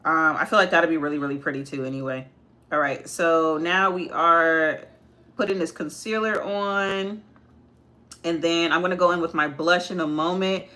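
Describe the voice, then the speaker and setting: A woman's voice: lowish voice, fairly even intonation, normal speed, sharp tone. A young woman doing her makeup on a livestream, chatting casually and answering viewers' comments as she reads them out. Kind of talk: casual live-stream chat while doing makeup.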